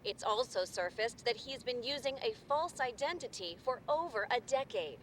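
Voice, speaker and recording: An actress voicing a female TV news anchor, reading a report in a measured, formal broadcast delivery in a video game. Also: a little high, lively intonation, slight background noise, lightly acted. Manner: measured, crisp newsreader delivery.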